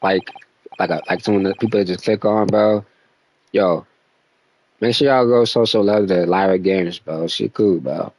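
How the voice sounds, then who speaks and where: A man's voice: deep voice, moderate pace, a little mellow, no echo. A young man casually commentating gameplay, laid-back and slangy, swearing often. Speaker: gaming streamer.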